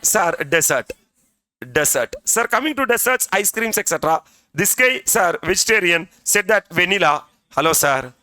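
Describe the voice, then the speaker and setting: Man, middle-aged, classroom lecture, bright tone. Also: sits high, dry recording. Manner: chatty, keeps asking "are you with me", says "sir" often. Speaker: CA exam tutor. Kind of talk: classroom lecture with story examples.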